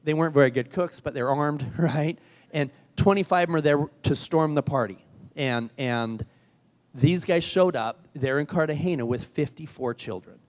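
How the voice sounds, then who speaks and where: A man's voice: fairly high pitch, normal speed. Earnest man giving a keynote in a reverberant hall. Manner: earnest, emphatic, often repeats words as he restarts. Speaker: keynote speaker. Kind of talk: storytelling keynote speech. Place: large event hall.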